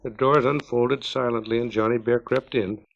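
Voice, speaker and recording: Gravelly man narrating a story. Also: mid-range voice, steady tone. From California. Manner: measured, plain, unhurried. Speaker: author reading his own story. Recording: dull lo-fi 1950s LP recording.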